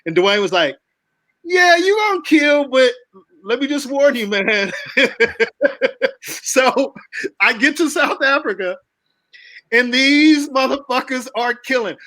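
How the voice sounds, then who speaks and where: A man from the United States hosting a casual video call chat, telling animated stories with swearing and frequent laughs. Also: very high voice, slow pace, long pauses, no echo, poor audio. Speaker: host.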